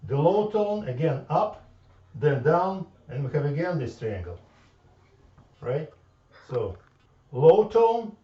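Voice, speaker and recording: A man giving an informal math lecture, halting and repeating words as he thinks aloud at the board. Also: on the high side, dark tone. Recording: echoey room from far off, dull lo-fi sound.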